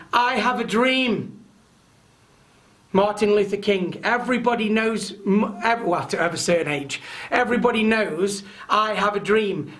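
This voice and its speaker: Loud, chatty man training online. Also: sits high. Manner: loud, chatty, frequent tag questions. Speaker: webinar trainer. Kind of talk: live online training talk.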